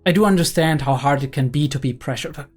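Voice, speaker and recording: A young man giving casual anime reaction commentary, excited and analytical, often checking in with "right?" and filler "like". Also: fairly high pitch, quick pace, faint music behind. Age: young adult.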